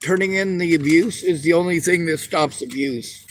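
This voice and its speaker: A man's voice: on the high side, moderate pace, background noise. A man venting to the camera, distressed and near tears, swearing often.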